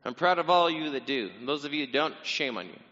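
Bright-voiced pastor in a reverberant hall. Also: male voice, fairly high pitch, animated, fast. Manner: casual, teasing, talks directly to the congregation. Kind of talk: sermon. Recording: dull sound in a reverberant hall.

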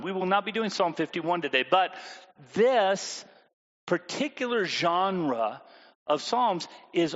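A man's voice: a little high, big-room sound, dull audio. A man preaching a sermon in a conversational way, often asking the congregation questions. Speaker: pastor.

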